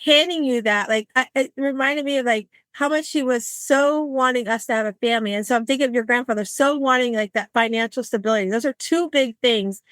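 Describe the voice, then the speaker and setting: A woman in her sixties talks with a slightly high voice, recorded close and dry with no room sound. She hosts a podcast conversation, telling lively personal stories and slipping into the voices of the people she quotes. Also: fairly quick, few pauses, dry recording. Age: 60s. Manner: animated, acts out quoted voices. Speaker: podcast host. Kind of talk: conversational storytelling.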